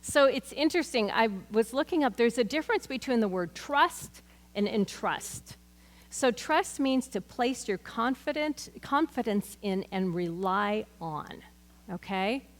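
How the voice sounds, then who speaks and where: A woman's voice: a little high, lively intonation, a little slow, long reverb tail. A woman teaching a Bible study in an earnest, conversational way, mixing scripture with personal stories.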